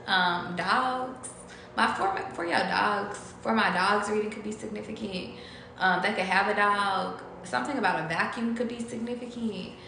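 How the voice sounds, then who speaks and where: A woman's voice: mid-range voice, pushed and bright. Chatty young woman doing a tarot reading. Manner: loose and chatty, swears freely, hums and sings snatches. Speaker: tarot reader. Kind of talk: casual tarot reading to viewers. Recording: echoey room with faint background noise.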